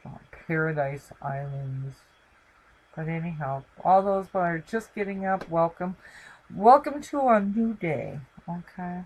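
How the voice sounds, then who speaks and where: In a low-quality recording, a middle-aged woman with a lowish, expressive voice signs off her live stream at a measured pace. Talking to camera at home with her dog, she rambles casually and uses a lot of fillers.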